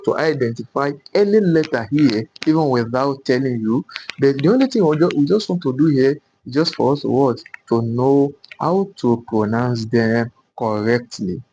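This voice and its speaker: This Qur'an pronunciation teacher stands at a board in a classroom, his mid-range voice darkish in tone, with the highs cut off and slight background noise. Slow and repetitive, he says each letter sound aloud several times, frequently posing a rhetorical "what?" to himself before giving the answer.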